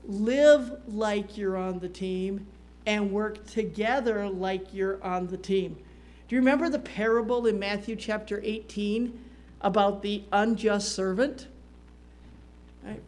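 Slow, deliberate preacher reading scripture. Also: mid-range voice, darkish tone. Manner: often adds a questioning "right?"; reads scripture in old-fashioned wording.

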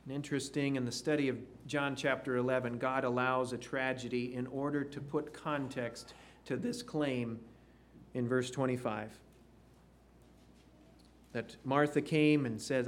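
A man's voice: medium pitch, steady tone, a little slow. A man preaching a sermon, reading scripture aloud and explaining it with rising emphasis. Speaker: pastor.

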